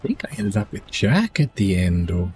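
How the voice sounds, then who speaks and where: A man's voice: lowish voice, big pitch swings, normal speed, a little mellow, soft background music. A tired man streaming a game, rambling casually as he plays and muses over chat questions. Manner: rambling, musing aloud, answering chat questions. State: tired, yawning.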